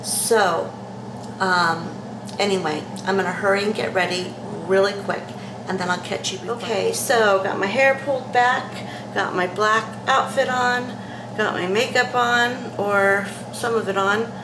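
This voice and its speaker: Woman vlogger, unhurried and hesitant delivery, echoey room with faint hiss. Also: medium pitch, steady tone. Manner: halting, with many fillers and restarts. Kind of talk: casual vlog talk to camera.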